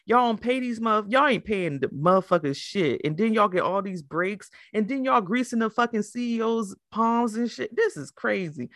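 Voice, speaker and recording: Foul-mouthed podcast host, mid-pitched and dry. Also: female voice, lively intonation, normal speed, few pauses, a bit bright, no room sound. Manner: profane, stumbling restarts, laughing asides. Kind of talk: casual chat.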